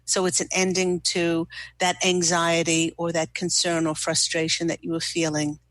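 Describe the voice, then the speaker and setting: A woman hosting a talk radio show, giving a spiritual card reading to a caller in a slow, gushing, soothing way. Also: lowish voice, completely flat delivery, fairly bright tone, dry recording. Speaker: radio host and angel card reader.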